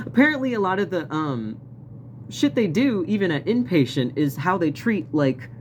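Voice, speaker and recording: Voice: mid-range voice, big pitch swings, a little slow, slight background noise. A vlogger telling a story in a casual, rambling rant, swearing often and laughing now and then. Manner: profane, rambling, frequent laughs.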